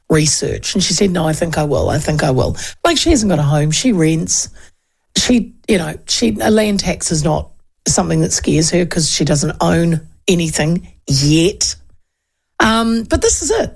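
A chatty New Zealand woman in her fifties hosts a talk radio show, her voice carrying a gravelly edge of fry. She rambles from point to point, telling stories with plenty of asides. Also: medium pitch, a little mellow. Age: 50s. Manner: chatty, digressive, acts out quoted talk.

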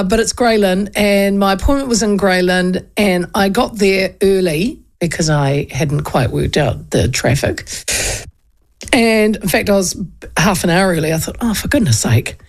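A woman with a New Zealand accent, a radio host telling a chatty, animated story and putting on voices for the people in it. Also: on the low side. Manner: animated, chatty, acts out voices in her stories. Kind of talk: casual storytelling chat.

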